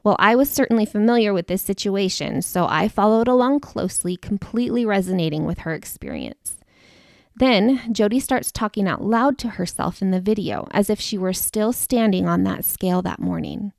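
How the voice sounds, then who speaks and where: Earnest woman in her forties, gravelly edge. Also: medium pitch, moderate pace, darkish tone, no echo, studio quality. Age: 40s. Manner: earnest, confiding, addresses listener directly. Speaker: podcast host. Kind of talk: personal storytelling monologue.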